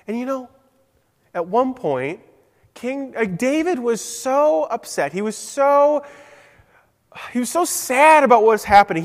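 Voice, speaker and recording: A man's voice: sits high, long reverb tail. A man preaching a simple story-style sermon, asking his listeners questions. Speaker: preacher giving a children's message.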